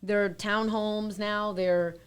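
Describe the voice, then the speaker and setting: A woman's voice: medium pitch, little pitch movement, slow pace, clear, resonant tone. A woman on a casual panel chat, earnestly explaining her own view at length.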